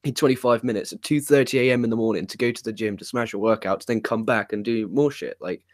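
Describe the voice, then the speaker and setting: A man co-hosting a late-night wrestling chat, excitable and crude, swearing freely. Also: lowish voice, fast talker, no room sound, studio quality. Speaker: podcast co-host. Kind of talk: casual chat.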